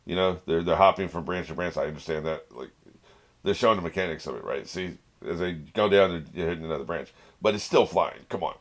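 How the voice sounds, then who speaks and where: A man's voice: low-pitched, fairly quick. A man hosting an anime reaction video, chatting casually, laughing often and talking back to the screen. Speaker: anime reaction channel host.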